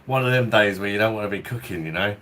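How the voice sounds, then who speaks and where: At home in the heat with a fan nearby, a Cockney-accented man from South East London chats and rambles through a livestreamed beer review, chuckling often. He is a fast talker with a fairly low, fairly bright voice, and a little hiss or hum is audible.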